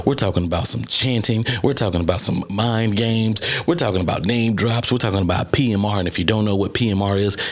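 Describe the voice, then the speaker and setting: Fired-up podcast host, man. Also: on the low side. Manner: animated, keeps repeating "listen" and "okay". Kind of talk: casual podcast monologue.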